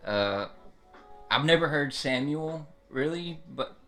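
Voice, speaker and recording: Rambling man with a drawl, bright tone. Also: on the high side, expressive, takes it slowly, soft background music. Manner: rambling, restarts, frequent "like" and "you know". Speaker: streamer describing his experience. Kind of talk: casual live-stream chat.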